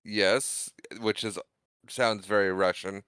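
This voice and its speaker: Man, podcast co-host, casual movie recap, low-ish voice, crisp, dry close mic. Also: steady tone, slow, fairly bright tone, no room sound.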